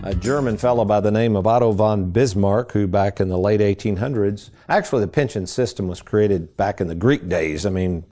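A man's voice: fairly low pitch, moderate pace, hardly any pauses, dark tone, soft background music. A man, hosting a financial radio show in a casual, folksy storytelling way. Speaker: financial advisor and radio host.

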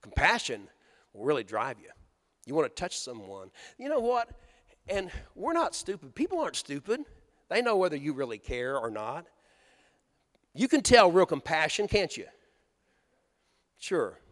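A pastor preaching a sermon in a folksy, storytelling way, asking the congregation questions. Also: male voice, a little high, sing-song, moderate pace, pauses often, fairly bright tone, in a large hall.

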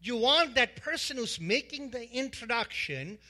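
Bright high-voiced male pastor preaching. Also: expressive, unhurried. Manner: emphatic, repeats words in lists, asks the congregation questions. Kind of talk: sermon.

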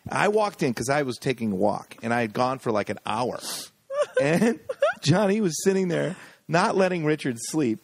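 Gravelly, profane man telling wild stories. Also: on the high side, moderate pace, a little hiss or hum. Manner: profane, laughing, animated storyteller who yells out quoted voices. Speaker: comedian podcast host. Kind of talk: casual storytelling chat.

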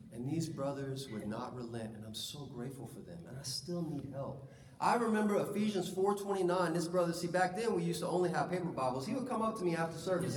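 Male pastor, sermon, high voice, conversational, distant mic, long reverb, faint room hum. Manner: lively, conversational, acts out anecdotes. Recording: echoey hall, distant mic, faint ambience.

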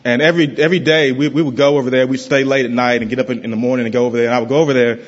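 A man giving a personal testimony to a congregation in a church, halting and often dropping soft and low. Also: steady tone, dull audio.

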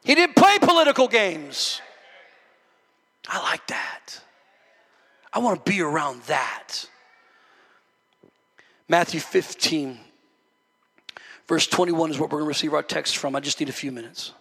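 Male preacher, high and sharp, emphatic folksy sermon delivery; long church reverb. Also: creaky. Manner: fervent, emphatic, folksy asides. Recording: echoey church hall.

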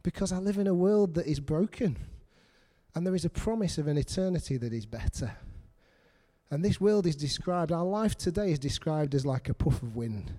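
A man's voice: on the high side, animated, normal speed, mellow. A middle-aged man preaching a sermon, earnest and repetitive, putting questions to the congregation.

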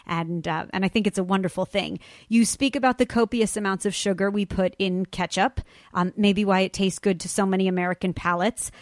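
A woman's voice: mid-range voice, fairly even intonation, a little fast, dry recording. Enthusiastic woman hosting, dry close sound. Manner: enthusiastic, scripted intro. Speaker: host. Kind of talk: broadcast interview.

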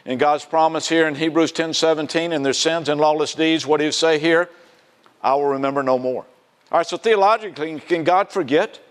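A man's voice: a little high, fairly even intonation, fairly quick, clear, resonant tone. A man preaching a sermon in a conversational way, often asking the congregation rhetorical fill-in questions. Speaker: pastor.

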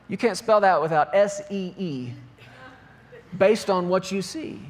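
A man's voice: high-pitched, expressive, slow, pauses often, a little mellow. A man preaching a sermon, reading scripture aloud and driving points home with emphatic repetition. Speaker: pastor.

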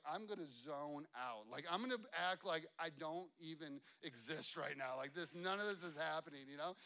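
Animated bright-voiced man telling a story. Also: sits high. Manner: animated, rambling, many fillers and asides. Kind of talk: casual storytelling to an audience.

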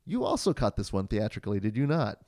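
A man's voice: on the low side, big pitch swings, fast talker, warm tone. A man hosting a casual podcast chat about films, with a dry, close sound and no room echo. He rambles along loosely and laughs easily between thoughts. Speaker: podcast host.

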